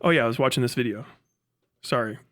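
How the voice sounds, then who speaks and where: A man's voice: mid-range voice, quick pace, fairly bright tone. A man streaming live, chatting casually, riffing crude jokes with lots of swearing and laughter. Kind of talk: casual livestream chat.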